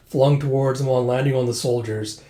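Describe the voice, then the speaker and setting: Man, casual manga read-through, mid-pitched voice, chatty recap. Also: steady tone, warm tone. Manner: quick recap that introduces quoted lines with "it's like". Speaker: manga reviewer.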